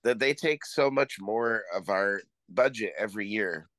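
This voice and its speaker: A man in casual podcast chat, animated and sarcastic, often restarting his phrases. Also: on the low side, normal speed, no room sound.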